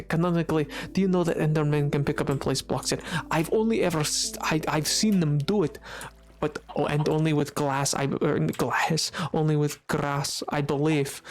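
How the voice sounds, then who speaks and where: A man's voice: a little high, steady tone, normal speed, faint music behind. Man chatting in a mock Scottish brogue. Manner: playful put-on Scottish-Irish accent; talking quietly, resting his voice. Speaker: Minecraft streamer. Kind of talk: casual livestream chat while gaming.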